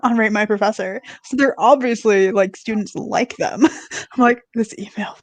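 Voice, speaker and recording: A woman's voice: mid-range voice, moderate pace, dry recording. A woman chatting casually on a livestream, amused and chatty, with offhand swearing. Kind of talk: casual chat.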